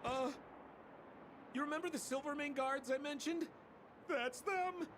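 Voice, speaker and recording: An actor playing a sly, talkative male smuggler guide in a game cutscene, with smooth salesman patter. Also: extremely high pitch, unhurried, noisy background.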